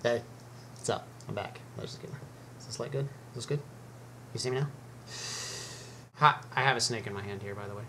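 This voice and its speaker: A man's voice: medium pitch, fairly quick, long pauses, sharp tone, a little hiss or hum. Chatty man explaining snakes to camera. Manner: chatty and easygoing, with frequent ums and uhs. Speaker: snake educator and video host. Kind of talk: casual educational talk to camera.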